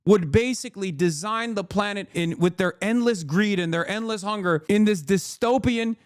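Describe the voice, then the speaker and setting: A man hosting a live stream, giving heated political commentary to his chat. He rants with constant profanity and drops into quick apologetic asides. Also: high-pitched, smooth, dry recording, clean studio sound. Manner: profane, loud ranting, swings into apologetic asides.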